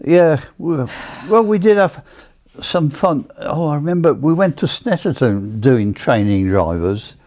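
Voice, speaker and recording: A man's voice: fairly high pitch, animated, a little slow, few pauses, darkish tone. An older English man, a former racing driver, telling rambling anecdotes in casual chat and acting out other people's voices. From England.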